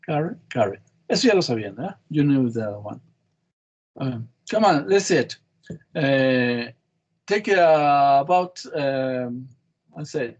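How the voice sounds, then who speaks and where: A man leads an English class, repeating each word slowly to show where the stress falls. He slips back and forth between English and as he explains. His voice sits a little higher than most men's. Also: lo-fi sound. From Mexico. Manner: switches between English and Spanish, repeats words to model stress. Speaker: English teacher. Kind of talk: classroom lesson.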